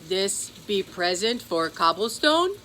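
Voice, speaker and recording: A woman's voice: medium pitch, very animated, takes it slowly, bright, forceful tone, a little hiss or hum, full character voice. A woman voicing a grumpy little male leprechaun who talks in broken grammar and names himself. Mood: puzzled.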